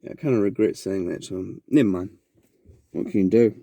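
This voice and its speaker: A man's voice: fairly low pitch, a little fast, vocal fry, warm tone, no room sound. A man with a New Zealand accent, hosting a podcast and telling a rambling, reflective story in a casual monologue. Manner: rambling and reflective, with many restarts. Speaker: podcast host.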